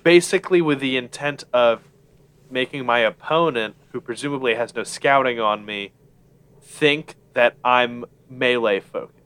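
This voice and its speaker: A man's voice: medium pitch, unhurried, fairly bright tone, smooth. A man playing a tabletop game, describing his moves in a rambling, hesitant way. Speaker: player.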